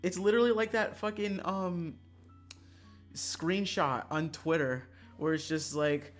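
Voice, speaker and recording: Game streamer, casual chat, animated, swears a lot, middling pitch, soft music in the background. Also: a little slow. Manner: animated, swings between loud ranting and quiet mumbling; swears freely, laughs often. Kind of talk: casual chat while playing a visual novel.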